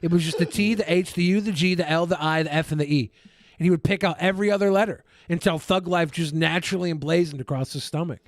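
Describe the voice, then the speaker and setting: Male co-host, dry close-mic sound, deadpan mock-academic delivery. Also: on the high side, quick pace, dry recording. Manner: dry, mock-scholarly jokes with many fillers. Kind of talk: casual podcast banter.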